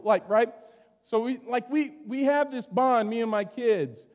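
A middle-aged pastor delivers a sermon in a church sanctuary, with a fairly high voice for a man. He talks conversationally and tells stories, punctuating his points with "right?". A long reverb trails each phrase in the hall. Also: moderate pace, darkish tone. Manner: conversational, storytelling, keeps asking "right?".

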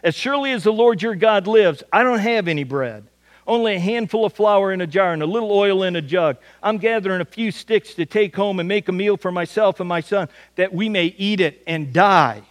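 A poor ancient widow speaks with bitter, resigned despair, voiced by a male preacher. The voice stays high. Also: a little fast, close to an everyday voice.

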